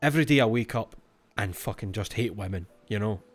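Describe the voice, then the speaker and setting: A man's voice: fairly low pitch, brisk, faint music behind. Give me a Scottish man in his twenties live-streaming a game, swearing and joking as he reads clues aloud. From Scotland. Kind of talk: livestream gameplay commentary.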